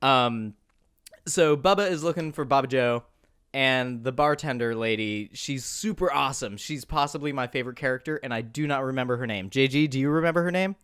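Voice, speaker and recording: A man's voice: mid-range voice, a little fast, smooth, dry recording, clean studio sound. A young man co-hosting a podcast, casually recapping a movie and acting out the characters in goofy voices. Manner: animated, acts out characters in silly voices. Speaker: podcast co-host.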